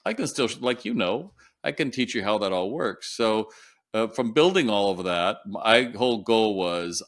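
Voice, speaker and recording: Guy with a lowish voice spinning a business story, does all the quotes out loud. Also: moderate pace. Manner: animated storyteller acting out quoted dialogue. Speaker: guest, retail consultant. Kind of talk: storytelling in an interview.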